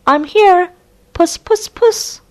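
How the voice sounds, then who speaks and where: A woman voicing a kind young woman who coaxes her cat down, high and sing-song. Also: takes it slowly, darkish tone. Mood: coaxing.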